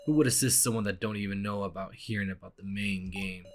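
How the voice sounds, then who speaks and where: A man voicing a scornful, aloof young man in a video game, reading the lines slowly and dismissively. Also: fairly low pitch, slight background noise, lightly acted. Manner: slow, cold and dismissive. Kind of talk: reading game dialogue aloud.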